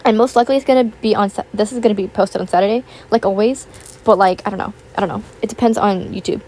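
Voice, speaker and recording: A young woman in her teens chatting casually, rambling with lots of fillers and a self-conscious, apologetic manner; her voice sounds a little rough. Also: medium pitch, quick pace, darkish tone. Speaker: YouTuber. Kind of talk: casual chat over gameplay.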